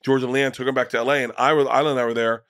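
A man's voice: medium pitch, flat delivery, very fast, a bit bright, no echo, clean studio sound. A middle-aged man, a guest comedian, telling rambling, profane anecdotes in casual conversation.

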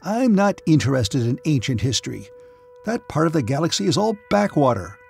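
Brief: hot-tempered young starship man, raised and indignant, gravelly; a man reads him. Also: mid-range voice, a little fast, darkish tone, soft background music, lightly acted. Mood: scornful. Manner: heated, protesting. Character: angry young male starship-line man.

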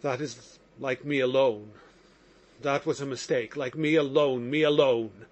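A man's voice: medium pitch, fairly even intonation, unhurried, lightly acted. A man voicing an impassioned young man accused of murder, in audiobook narration. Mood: agitated. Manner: impassioned, exclamatory.

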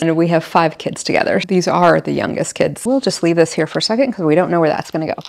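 A woman's voice: lowish voice, a little fast, gravelly, a little mellow. A middle-aged woman chatting casually at home while she decorates, laughing often and telling little stories. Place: home, indoors.

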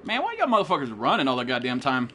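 A young American man streams a game live, trash-talking with heavy swearing and hype as he chats with viewers. His mid-range voice is pushed and bright, very fast, with huge pitch swings, and there is slight background noise.

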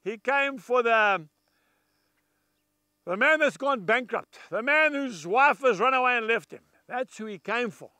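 A man's voice: very high-pitched, animated, a little slow, sharp tone, smooth, no room sound, clean studio sound. A man preaching a televised gospel message, talking to viewers in an earnest, folksy and emphatic way.

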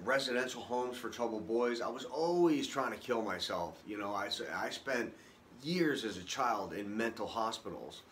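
A man telling his own life story unscripted, halting and emotional, with many restarts. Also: medium pitch, a bit bright, slight background noise. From Boston area, US. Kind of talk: personal testimony, unscripted.

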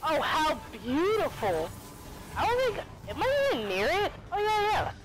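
A young woman giving excited gameplay commentary, often exclaiming and laughing as she plays. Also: very high-pitched, measured pace, low-quality recording. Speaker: gaming video creator.

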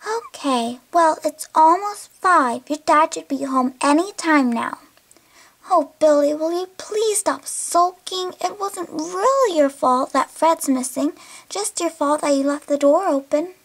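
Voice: high voice, measured pace, a bit bright. A child voicing a stern toy-house mom. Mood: calm, fussy. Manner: scolds sharply when upset. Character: caring but stern mother of three kids. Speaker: voicing toy figures in a home video. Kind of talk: homemade toy play narration.

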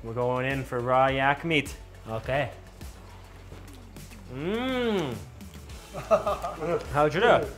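Male travel food host, excitable and effusive, mid-pitched voice. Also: takes it slowly, long pauses, soft background music. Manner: exclamatory, gushing over food; mixes English with simple Mandarin. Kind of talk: enthusiastic food vlog with voice-over narration.

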